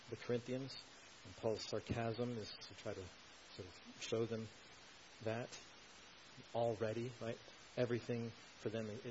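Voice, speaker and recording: A man preaching an expository sermon, stressing key words loudly and asking rhetorical questions. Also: mid-range voice. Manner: emphatic, swells to loud stresses, asks rhetorical questions. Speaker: pastor. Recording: dull lo-fi recording with faint hiss.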